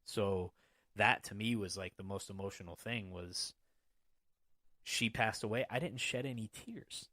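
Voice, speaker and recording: A man's voice: on the low side, measured pace, sharp tone, no echo, clean studio sound. A man hosting a casual podcast, telling stories in a profane, rambling way. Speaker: podcast host. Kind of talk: casual chat.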